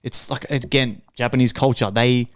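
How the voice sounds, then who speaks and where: Loud aussie guy swearing his way through a podcast chat, smooth voice, dead dry sound. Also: medium pitch, steady tone, moderate pace, no echo. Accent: Australian. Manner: loud, swearing, jokey banter. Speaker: podcast guest.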